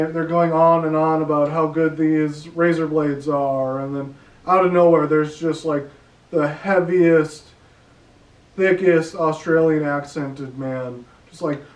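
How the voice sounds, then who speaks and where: Young man doing stand-up at home, fairly high voice, rambling with lots of fillers, recorded from across an echoey room. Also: a little mellow, distant mic. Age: young adult. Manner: rambling, filler-heavy delivery with many ums and likes. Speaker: stand-up comedian. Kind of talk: casual stand-up set.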